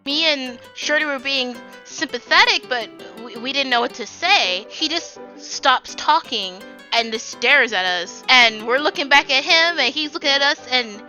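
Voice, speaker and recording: High bright rambling woman storyteller. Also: normal speed, hardly any pauses, soft background music, low-quality recording. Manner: rambling, filler-heavy, animated retelling. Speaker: vlogger. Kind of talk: storytime vlog.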